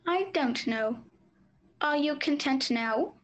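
Curt caterpillar for a storybook drama, high pitched, short blunt lines, voiced by a woman. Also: slow pace. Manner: blunt, clipped replies.

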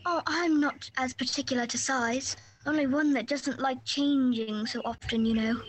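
Polite, curious young girl, voiced by a woman, high and courteous. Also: fairly even intonation, moderate pace, a little hiss or hum, natural voice, poor audio. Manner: polite and wondering.

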